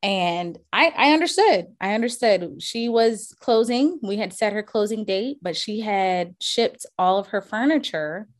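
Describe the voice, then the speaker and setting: A woman's voice: mid-range voice, lively intonation, measured pace, hardly any pauses. A woman, a realtor guest in a casual podcast interview, telling stories animatedly, acting out quotes and laughing often.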